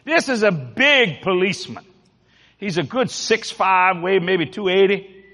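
Preacher, male, New Orleans accent, bright emphatic voice, folksy storytelling in a reverberant hall. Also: high-pitched, lively intonation, a little slow. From New Orleans, Louisiana. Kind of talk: storytelling sermon.

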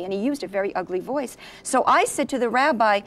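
A middle-aged woman giving a personal testimony in an interview, an animated storyteller who acts out the voices she quotes. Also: fairly high pitch, fast talker, hardly any pauses. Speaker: interview guest.

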